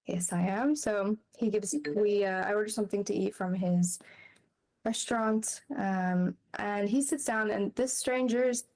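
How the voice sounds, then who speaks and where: A woman's voice: medium pitch, fairly even intonation, unhurried, a little mellow. A woman telling a personal story in casual, rambling talk, full of "like" and light laughs. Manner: rambling, heavy use of "like", laughs between phrases. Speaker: interview guest.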